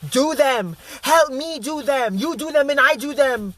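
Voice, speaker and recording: Intense, high, bright-voiced male motivator. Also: measured pace, no room sound. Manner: intense, emphatic and profane, repeating key phrases. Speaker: spiritual motivational speaker. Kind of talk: motivational vlog monologue.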